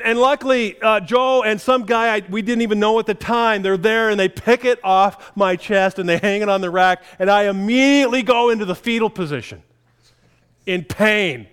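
A middle-aged male pastor preaching, his voice smooth and resonant and sitting a little high for a man. He tells a story against himself in a self-deprecating way, chuckling as he goes. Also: normal speed, a bit bright. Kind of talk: sermon with personal story.

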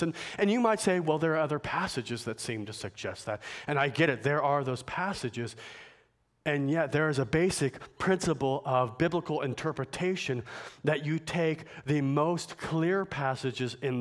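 A man preaching a sermon, building to emphatic, forceful points. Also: medium pitch. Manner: emphatic preacher, rising to forceful climaxes, slow deliberate phrasing. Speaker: pastor.

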